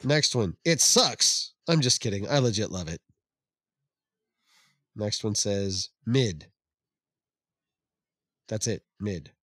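A man's voice: fairly low pitch, lively intonation, takes it slowly, pauses often, slightly rough, no room sound. Guy on a podcast reading comments, laughs a lot, trips over his words, dry close mic. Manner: laughing and self-deprecating, stumbling over restarts. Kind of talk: casual podcast chat.

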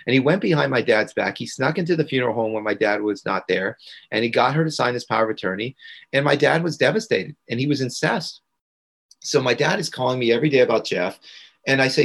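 Man, podcast guest, earnest storytelling, emphatic repetition, mid-pitched voice. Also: expressive, brisk, gravelly, fairly bright tone, husky. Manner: earnest, emphatic, repeats key words for emphasis. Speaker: podcast guest, integration coach. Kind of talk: personal storytelling in conversation.

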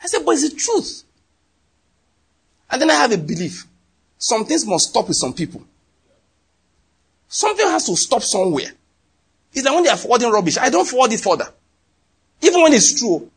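A man with a Nigerian accent preaching a sermon, emphatic and animated, often acting out what people say. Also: very high-pitched, fairly quick, long pauses, breathy edge. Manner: animated, emphatic, slips into acted quotes.

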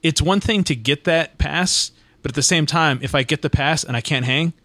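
A man's voice: a little high, bright, forceful tone, dry recording. A man chatting casually in an easygoing way, often dropping in short agreements. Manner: easygoing, quick agreeing interjections. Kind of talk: casual chat.

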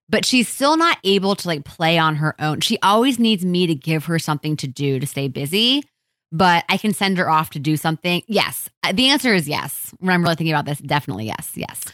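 A woman's voice: lowish voice, a bit bright, no room sound, clean studio sound. Chatty, easily laughing woman co-host. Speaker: podcast co-host. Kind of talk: casual chat.

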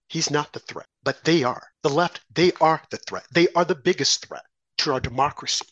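Male talk host, higher-pitched, fervent political monologue, dry close mic. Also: moderate pace, fairly bright tone, no echo, lo-fi sound. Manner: impassioned, rhetorical questions, mocking quoted voices.

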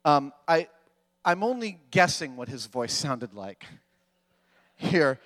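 A man's voice: on the high side, big pitch swings, fairly bright tone. A man telling playful stories to a live convention audience from the stage. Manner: playful, joking, quick bursts. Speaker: stage guest speaking at a fan convention. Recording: reverberant live hall.

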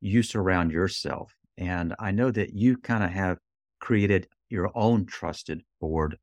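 A man hosting a podcast interview, asking measured, reflective questions. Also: deep voice, no echo, highs cut off. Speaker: podcast host.

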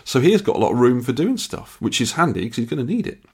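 A tired podcast co-host, short on sleep and yawning, rambles through a long story in casual chat, restarting himself as he goes. His medium-pitched voice swings widely in pitch, and he talks fast in a slightly rough, somewhat mellow tone.

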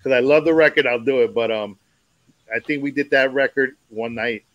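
A man talking as a guest music producer in a casual chat, telling stories in an animated way. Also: mid-range voice, moderate pace, dry recording, lo-fi sound.

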